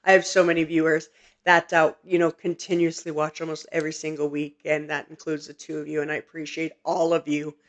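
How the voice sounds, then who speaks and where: A gentle, earnest woman hosting a live psychic reading. She reassures her listeners softly and hesitates often with ums and restarts. Her voice carries quiet emotion. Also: low-pitched, little pitch movement, brisk. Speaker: psychic medium host. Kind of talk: live-streamed spirit reading.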